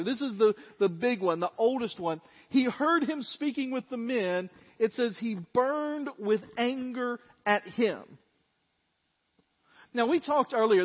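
A high-voiced, husky pastor preaches a sermon in a church sanctuary, folksy and conversational, with asides to the congregation. The recording is reverberant and muffled.

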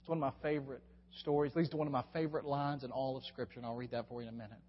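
A man preaching a sermon, asking rhetorical questions, answering them himself and stretching words out with emphatic pauses. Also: medium pitch, fairly even intonation, slight background noise. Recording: dull sound with long hall reverb.

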